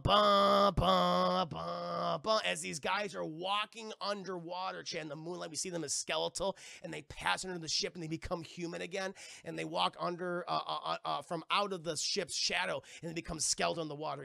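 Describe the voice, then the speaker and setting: A man streamer giving an excitable, profane casual movie recap, acting out scenes as he goes. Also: high voice, vocal fry, dry recording, clean studio sound.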